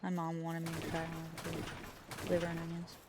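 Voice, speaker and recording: A woman's voice: sits low, completely flat delivery, very fast. A woman co-hosting a game stream, chatting casually in a blunt, offhand way. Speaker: co-host streamer. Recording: clear background noise.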